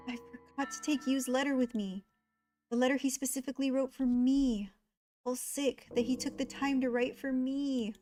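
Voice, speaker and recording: A young woman streamer reading a visual novel game aloud, voicing its story with feeling and chatting between lines. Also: on the high side. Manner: expressive, voicing the inner monologue with rising panic.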